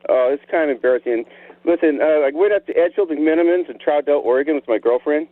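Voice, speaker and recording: A man's voice: on the high side, fast talker, dry recording. A man calling in to a radio show who tells an embarrassing story in a sheepish, laughing way. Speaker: caller. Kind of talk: call-in storytelling. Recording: dry phone line.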